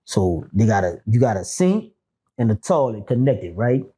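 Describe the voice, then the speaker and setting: A man telling prison stories in a casual interview, animated and profane, acting out quotes. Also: lowish voice, moderate pace, slightly rough. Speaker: guest, former prisoner.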